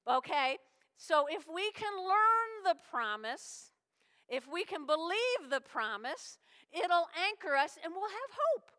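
A woman preaches in a high, bright voice that carries a sharp edge. Her delivery is animated and folksy, and she often drops into short acted-out voices. The sound rings with the long reverb of a large hall. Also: slow. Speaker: pastor. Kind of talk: sermon.

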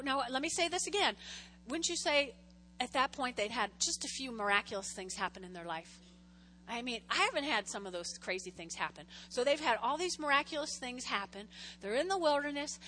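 A woman with a high, lively voice teaches a Bible story from the pulpit. Her tone is bright and sharp. She talks informally, swings between soft asides and loud exclamations, and keeps the story moving. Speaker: preacher. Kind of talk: casual Bible-teaching sermon.

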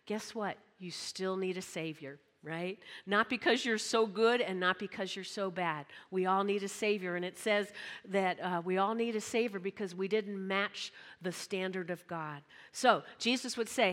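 A woman's voice: medium pitch, normal speed, a bit bright, long reverb tail. A woman preaching a sermon in a church, talking conversationally and calling on the congregation to answer back. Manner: conversational, calls on the audience to respond.

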